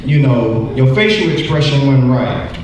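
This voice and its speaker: A man in his forties teaching a Bible lesson in an animated way, acting out quoted voices and repeating words. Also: mid-range voice, measured pace, a crowd in the background. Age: 40s. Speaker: church teacher. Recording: echoey room from far off.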